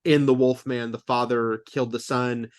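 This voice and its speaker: Podcast guy talking movies, middle pitch, trails off into um and you know. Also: flat delivery, moderate pace. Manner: trailing, hesitant phrasing with fillers. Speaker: podcast co-host. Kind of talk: casual film discussion.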